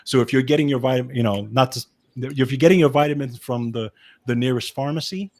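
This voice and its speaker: A man's voice: medium pitch, fast talker. A man with a Brooklyn accent, a health and wellness specialist explaining supplements in a casual chat. He talks in an explanatory way, often adding "okay" and restarting his sentences.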